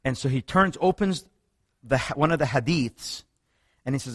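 A man preaching in a sermon-style teaching talk, telling stories with lively energy and frequent restarts. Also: normal speed, long pauses, breathy edge, no room sound, studio quality. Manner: animated storytelling, many restarts, rising pitch when excited. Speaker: preacher teaching on another religion.

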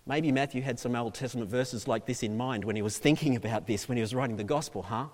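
A man preaching a sermon with dynamic delivery, swinging from loud emphasis to hushed asides. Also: medium pitch, quick pace, long reverb tail. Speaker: pastor.

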